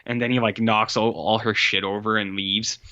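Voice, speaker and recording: Rambling man recapping a movie, bright voice. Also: lowish voice, level tone, normal speed, no room sound, muffled recording. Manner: rambling, filler-heavy storytelling. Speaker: podcast co-host. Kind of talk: casual movie recap chat.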